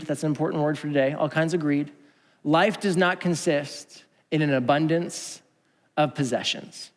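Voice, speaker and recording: A man with a notably high voice delivers a sermon in a church auditorium. He tells the story in an animated way, acting out each speaker and dropping from full volume to a hush. The long reverb of the hall trails after every phrase. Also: normal speed. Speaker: pastor.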